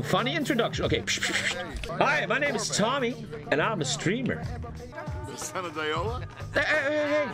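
A young man streaming a life-simulation game and giving loud, crude commentary to his chat, swinging from shouts to low mumbled asides. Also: very animated, measured pace, pauses often. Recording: game music underneath.

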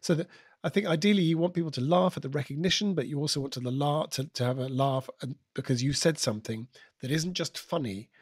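A British man, a guest comedian and impressionist, chatting on a podcast in an animated, digressive storytelling manner. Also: on the high side, fast, husky, no room sound, studio quality. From United Kingdom. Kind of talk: podcast conversation.

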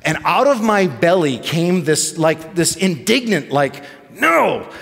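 A middle-aged male pastor telling a story in a sermon, animated and self-deprecating. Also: on the high side, a little slow, long reverb tail, soft background music. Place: church sanctuary.

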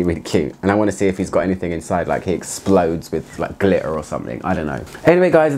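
Chatty, excitable male product reviewer. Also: fairly low pitch. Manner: chatty and excitable, laughs often. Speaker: fragrance reviewer. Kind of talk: casual product review chat.

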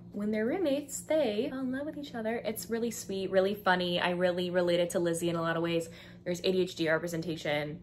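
A woman's voice: mid-range voice, slight background noise. A young woman, casually recommending books as a vlogger, chatty and full of fillers, acting out characters' lines. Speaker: book vlogger.

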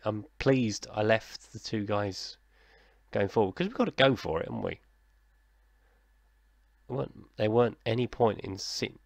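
A low, gravelly man talks his way through a football management game in a loose, commentator-style patter, mocking his own pessimism. The sound is dry and close, with no room around it. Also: dry recording. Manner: chatty, self-deprecating, mock commentator, talking to himself. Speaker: gaming YouTuber. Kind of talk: casual let's-play commentary.

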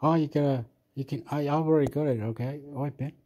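A man's voice: on the high side, fairly even intonation, quick pace, mellow. A man rambling to himself while reviewing an app, mumbling and getting annoyed at it. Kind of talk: rambling screen-recording chat.

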